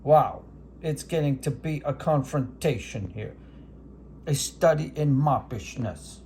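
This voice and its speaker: A man's voice: mid-range voice, animated, warm tone. A bombastic veteran boxing announcer, as a man puts him on. He calls the action in a mid-range voice, stretching his phrases for drama like a ringside broadcaster. There is a faint hiss of background noise. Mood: grandiose. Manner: bombastic, drawn-out ringside play-by-play. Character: grandiose veteran male sportscaster calling a bout. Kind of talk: mock sports commentary.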